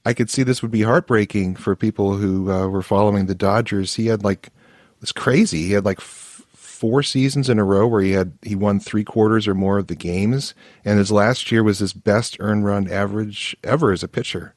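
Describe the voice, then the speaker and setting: A man co-hosting a podcast who talks in a halting, curious way and often restarts his sentences. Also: fairly low pitch, steady tone, darkish tone, no room sound, studio quality. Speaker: podcast co-host. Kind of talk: casual podcast chat.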